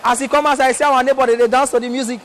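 High-voiced Nigerian stand-up comedian. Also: male voice, fairly even intonation, rapid-fire. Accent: Nigerian Pidgin. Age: young adult. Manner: chatty, teasing, storytelling. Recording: loud live crowd and noisy venue.

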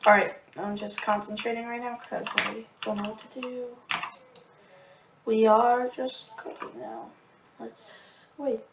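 A fairly high-voiced woman talks her way through a game, muttering to herself and breaking into quick shouted orders. She sits back from the microphone in a roomy space with a dull, muffled tone. Steady keyboard typing and mouse clicking run behind her. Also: recorded from a distance, noisy background. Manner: rushed, excitable self-talk, muttering orders, sudden shouts. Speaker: gamer commenting on own play. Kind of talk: casual gameplay commentary.

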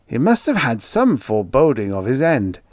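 A man's voice: mid-range voice, wildly swooping pitch, moderate pace, darkish tone, no echo, pitched above the performer's own voice. A man voicing an obsessed, haunted male explorer who growls and raves. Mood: brooding. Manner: growling, raving.

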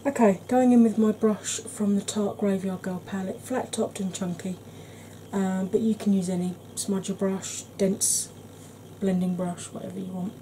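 A woman talks softly and gently through an ASMR makeup tutorial, calling her viewers "darling" as she works. Her voice has a mellow, relaxed tone at a middle pitch. A faint hiss sits under the recording. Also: normal speed. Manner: chatty, gentle, dotted with "darling". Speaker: beauty vlogger.

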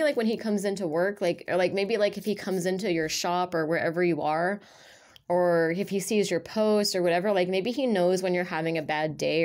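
A woman's voice: fairly low pitch, a little mellow. Rambling woman giving a casual tarot reading. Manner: rambling, filler-heavy and chatty. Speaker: tarot reader.

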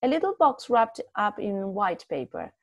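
A woman's voice: medium pitch, very animated, moderate pace, no room sound, dull audio. A woman voicing a fussy, controlling elderly husband who speaks in a testy, commanding way.

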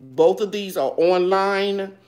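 Her voice is medium-pitched, slow, and a little mellow as she hosts a live gardening chat. She reads questions from viewers aloud and answers loosely and homily, with fillers, restarts, and calling people baby.

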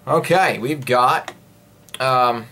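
This gaming video host speaks very slowly in a sharp, medium-pitched voice, with slight background noise. His let's-play commentary is rambling and jokey self-talk aimed at himself and viewers, punctuated by playful singing.

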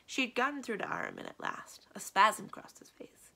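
A woman librarian reading a children's book aloud in an expressive storytelling voice. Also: medium pitch, moderate pace, vocal fry, few pauses, whispered. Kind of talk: children's read-aloud narration.

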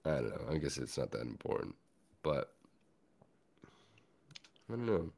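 Podcast host, male, deep rumbling voice, animated delivery, relaxed and rambling. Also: measured pace, vocal fry. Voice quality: deep voice like a bear. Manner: laid-back, rambling, lots of filler words. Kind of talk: casual chat.

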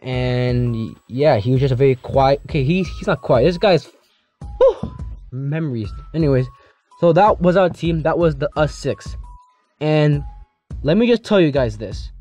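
A teenage boy telling a casual storytime, rambling and slangy, with lots of restarts and animated asides. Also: on the high side, measured pace. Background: faint background music.

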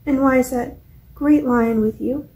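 A woman's voice: sits high, steady tone, measured pace, warm tone. A woman reading as a wary farm wife. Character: wary farm woman, cautious but kind.

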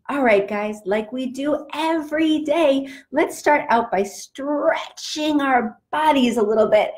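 A woman with a high, bright-sounding voice leads an online lesson for young children from home. She talks in a slow, drawn-out way, animated and sing-song, acting out feelings and singing simple songs. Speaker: children's language teacher.

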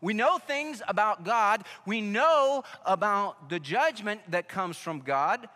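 The pastor's voice sits high, sounding pushed and bright, with lively intonation and a slow pace. Standing in an echoey church sanctuary, he delivers a sermon full of stories, direct appeals and emphatic warnings.

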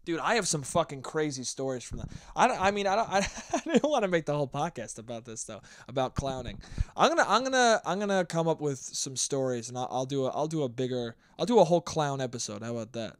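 Solo podcast host, male, fairly high voice, profane and rambling storyteller, dry close-mic read. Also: big pitch swings, quick pace, no room sound.

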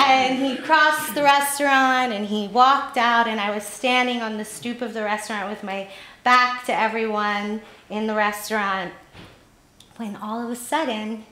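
A woman telling a personal story at a live storytelling event, animated and self-deprecating, often laughing as she talks. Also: mid-range voice, unhurried. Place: storytelling event in a small theater space. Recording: echoey room.

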